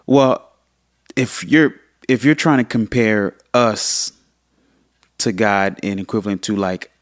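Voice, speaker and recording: A man in his thirties talks in a casual conversational chat. His voice sits fairly low, and he speaks earnestly, often repeating a phrase to drive it home. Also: slow pace, no room sound, studio quality. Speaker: podcast co-host.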